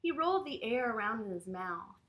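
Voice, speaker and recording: A woman reading a picture book aloud to children and leading yoga poses, speaking to them in an animated, playful way. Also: on the high side, fairly quick. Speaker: children's storyteller and yoga teacher.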